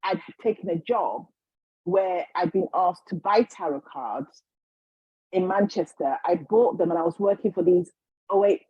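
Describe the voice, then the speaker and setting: Woman guest, storyteller who acts out the people she quotes, husky voice, dry slightly dull recording. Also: fairly low pitch, unhurried, no echo. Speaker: guest, healer and psychic. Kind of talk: storytelling in a casual interview.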